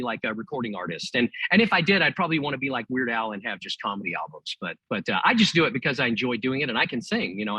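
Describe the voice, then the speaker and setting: Middle-aged Texan man, interview guest, chatty and laughing, bright, husky tone. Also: a little high, no room sound, poor audio. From Texas. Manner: chatty, laughs often, many restarts. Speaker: guest ventriloquist. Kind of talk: casual interview chat.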